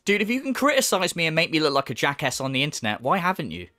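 A man rants with open mockery, swearing freely as he picks apart someone else's words. His voice sits fairly high and leaps around a lot. The recording is dry and close. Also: big pitch swings, fast, bright, forceful tone, no echo. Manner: profane, mocking, sarcastic rant. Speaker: YouTube commentator. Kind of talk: angry reaction commentary.

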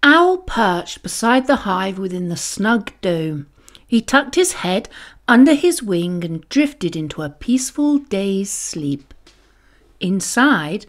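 A woman narrating a children's bedtime story, gentle, expressive and soothing. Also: mid-range voice.

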